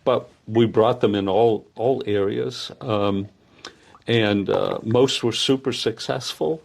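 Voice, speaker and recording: Older male founder, low gravelly voice, halting, full of fillers. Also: fairly even intonation, a little mellow. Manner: hesitant, many filler pauses. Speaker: program founder. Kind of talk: conversational interview.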